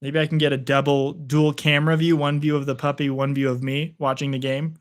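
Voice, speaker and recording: A man's voice: on the high side, flat delivery, brisk. Chatty man streaming live play-by-play. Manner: chatty, rambling, talks to viewers. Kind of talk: casual live play-by-play and chat. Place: at home. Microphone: phone propped on a picture frame.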